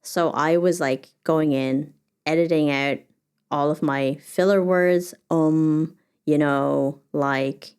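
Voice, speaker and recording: Woman solo podcast host: low, smooth, loose and chatty, thinks out loud. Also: fairly even intonation, slow. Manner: thinks aloud with many fillers and restarts. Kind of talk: reflective solo podcast monologue.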